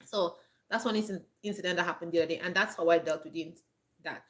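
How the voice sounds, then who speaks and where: A woman's voice: lowish voice, quick pace. Earnest chatty woman giving life advice. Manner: earnest, chatty, repeats herself and restarts phrases. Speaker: lifestyle vlogger. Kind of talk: casual advice talk to camera.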